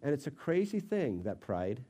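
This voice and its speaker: A middle-aged man preaching a sermon to a college fellowship, expressive and acting out the voices he quotes. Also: medium pitch, normal speed.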